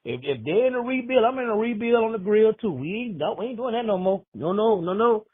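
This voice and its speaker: A man's voice: sits high, expressive, a little fast, breathy edge. A man leaving a rambling, joking voicemail full of slang. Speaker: voicemail caller. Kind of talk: casual phone message. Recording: tinny phone line.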